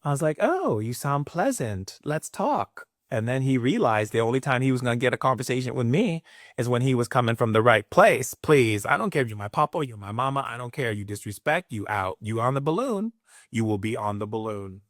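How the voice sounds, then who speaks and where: A man's voice: medium pitch, expressive, quick pace, no room sound, clean studio sound. A man giving a live spiritual talk in a sassy, emphatic way, with playful asides. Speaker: spiritual teacher.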